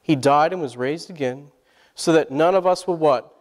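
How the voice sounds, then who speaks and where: High-voiced pastor preaching. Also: male voice, moderate pace. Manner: call-and-response preaching, asks the congregation questions. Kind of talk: sermon. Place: church sanctuary. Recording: long church hall reverb.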